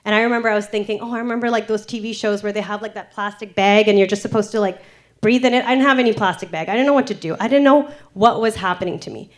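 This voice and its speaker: A woman in her thirties from Canada telling a candid personal story on stage, animated and frank, acting out her own quotes. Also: medium pitch, fast. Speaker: storytelling speaker. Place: event stage before an audience.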